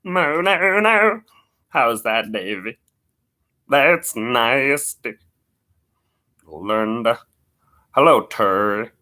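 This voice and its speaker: A man doing an impression of a laid-back middle-aged cartoon dad with a soft, drawling delivery. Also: medium pitch, expressive, very slow, pauses often, full character voice. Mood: amused.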